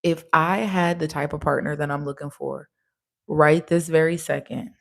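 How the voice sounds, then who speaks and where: Woman, tarot reader, casual chat, lower voice, blunt, slangy, laughs a lot. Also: steady tone, normal speed, gravelly. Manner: frank, chatty and laughing, with casual swearing and slang.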